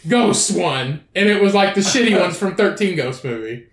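A man co-hosting a podcast, sarcastic and animated in crude casual banter, often laughing. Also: high-pitched, normal speed, reverberant. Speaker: podcast co-host.

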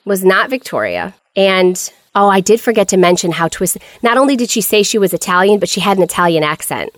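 A woman's voice: medium pitch, lively intonation, brisk, dry recording, studio quality. A woman co-hosting a podcast, telling a story in a chatty, wry way. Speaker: podcast co-host. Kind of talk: casual storytelling chat.

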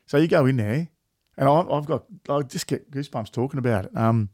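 Rambling Australian bloke, swearing freely. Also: male voice, medium pitch, brisk, darkish tone, no room sound, clean studio sound. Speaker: podcast co-host. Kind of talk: casual chat.

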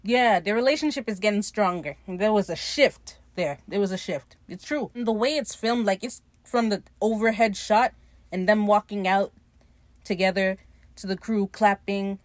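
Animated, profane woman recapping a show. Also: medium pitch, normal speed, no room sound. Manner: animated, profane, gushing, often laughing. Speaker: podcast host. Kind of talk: casual episode recap.

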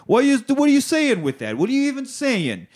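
A nervous, whiny accomplice whines in a high, pinched voice, as a man puts him on. His complaints come out fast and rising. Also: huge pitch swings, darkish tone, full character voice.

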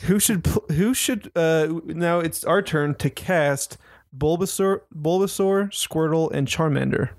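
A man hosting a casual group chat, reading out questions slowly with frequent fillers and pauses. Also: a little high, no room sound. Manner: slow, halting, with frequent fillers. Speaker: podcast host reading questions.

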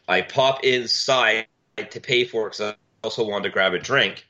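A man's voice: normal speed, a little hiss or hum. A man co-hosting a podcast, telling stories in blunt, profane casual chat and mimicking people he argued with. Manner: blunt, profane storytelling, mimics people in loud high voices. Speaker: podcast co-host. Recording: dull lo-fi audio.

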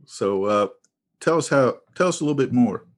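A man's voice: medium pitch, animated, moderate pace. A man hosting an interview, asking questions and encouraging his guest with short replies. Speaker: host. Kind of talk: casual interview.

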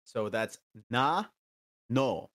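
Slow, lively-voiced man co-hosting a lesson. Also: mid-range voice. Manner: relaxed, laughs often, repeats example phrases. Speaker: co-host. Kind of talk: casual language lesson podcast.

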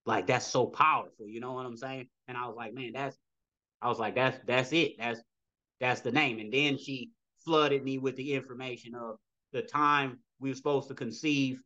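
A man's voice: mid-range voice, steady tone, normal speed, pushed and bright, highs cut off. A man telling a personal story as a podcast guest, rambling and acting out dialogue with frequent "you know" asides.

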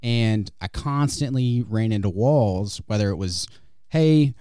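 A man's voice: lowish voice, measured pace, dark tone, smooth, no room sound. A man from West Texas, a guest real estate agent, talking in an easygoing, earnest way in a radio studio. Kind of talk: casual interview talk.

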